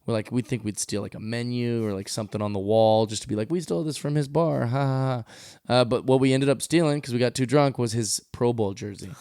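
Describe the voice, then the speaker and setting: A male comedian is telling a story on a podcast, relaxed but animated. He slips into the voices of the people in the story. The recording is dry and close. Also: on the low side, fast talker, few pauses, clean tone, no echo. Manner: animated, acts out quoted voices. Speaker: comedian guest.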